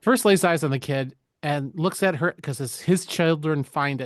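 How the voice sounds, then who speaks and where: A man co-hosting a podcast, recapping a film in casual chat, profane and jokey, slipping into quick voices for the characters. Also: a little high, no room sound, clean studio sound. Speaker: podcast co-host.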